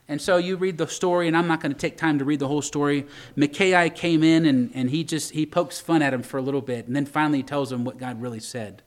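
A pastor delivering a sermon, his voice sitting a little higher than most men's. He preaches emphatically, turning often to the congregation with questions and asides. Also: quick pace.

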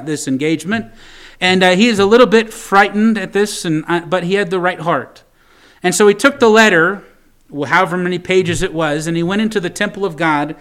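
A man preaching a sermon, calling out emphatic appeals to the congregation and reading scripture slowly and deliberately. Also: fairly high pitch, fairly bright tone.

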